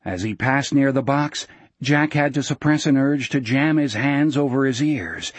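A man reading a novel aloud as narrator, in a measured, steady manner. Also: medium pitch, no echo. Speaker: audiobook narrator. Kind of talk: scripted narration.

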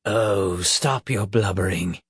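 A man's voice: slow pace, slightly rough, dry recording, studio quality, heavily acted. A man putting on a sneering, scolding witch. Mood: scornful. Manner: sneering, scolding, low and hushed. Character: sneering old witch, scornful and impatient.

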